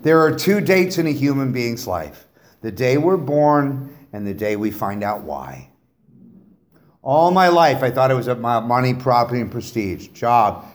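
A middle-aged man giving a personal testimony to a recovery meeting, telling stories with humor and animation. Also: medium pitch. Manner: animated storytelling, jokes with the audience. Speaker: guest speaker at a recovery meeting. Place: meeting room with a live audience.

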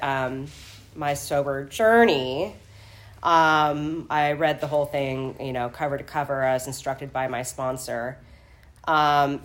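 Woman, low voice, tearful personal testimony, rambling with fillers. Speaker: recovering alcoholic sharing her story. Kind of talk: personal testimony at a recovery meeting.

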